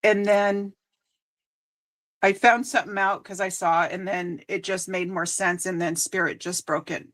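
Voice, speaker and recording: A woman host giving a live card reading, tearful and choked up, reading aloud with frequent pauses. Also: medium pitch, fairly even intonation, fairly bright tone. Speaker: intuitive card reader and host.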